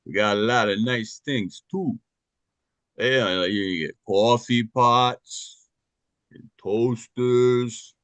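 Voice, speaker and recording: A man doing an impression of a deep-voiced, mumbling tough guy working as a store greeter. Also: takes it slowly, a bit bright, smooth, no room sound.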